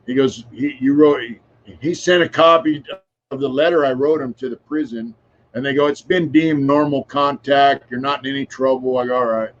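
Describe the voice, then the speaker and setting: A man's voice: medium pitch, steady tone, moderate pace. A man around sixty speaks as a podcast guest. His voice sits in a middle register, and he talks casually, frankly and at length, with frequent filler phrases and some swearing. The recording sounds dull and a little muffled. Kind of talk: casual conversational storytelling.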